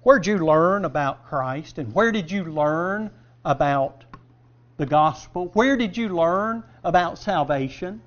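Male preacher, high voice, sermon; asks and answers his own questions, punchy emphasis then low asides; muffled lo-fi recording. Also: lively intonation, takes it slowly.

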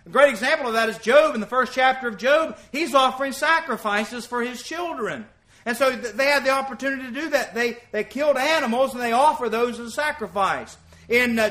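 A man's voice: very high voice, bright, forceful tone. A man preaching an evening sermon in church, earnestly quoting scripture and putting rhetorical questions to the congregation.

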